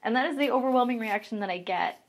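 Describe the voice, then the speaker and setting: A woman's voice: fairly high pitch, fast. Young woman, casual storytelling, frank and chatty, filler-heavy talk. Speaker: online content creator.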